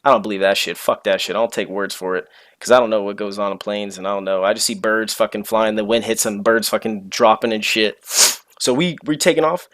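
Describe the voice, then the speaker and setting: A young man telling a story casually, animated and full of slang and swearing. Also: fairly low pitch, fairly quick, no echo.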